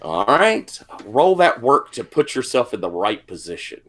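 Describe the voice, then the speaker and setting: A man's voice: medium pitch, sing-song, moderate pace, fairly bright tone. A man as game master of a tabletop wrestling game, guiding players with questions over a video call.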